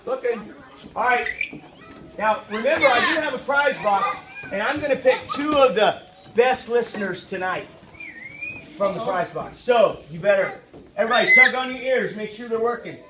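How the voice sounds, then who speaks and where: A children's minister leading a lively Bible lesson for kids, calling out for the group to repeat lines and join in. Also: mid-range voice, moderate pace. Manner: energetic, calls for audience responses. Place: church kids' meeting room with children present. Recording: echoey room, voice from a distance, loud crowd and noise. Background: children responding and crowd noise.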